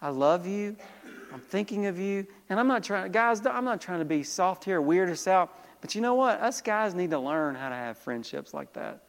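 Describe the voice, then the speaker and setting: High-voiced male pastor preaching in a hall. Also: animated, moderate pace, creaky, few pauses. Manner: emphatic preaching with call-outs to the congregation. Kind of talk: sermon.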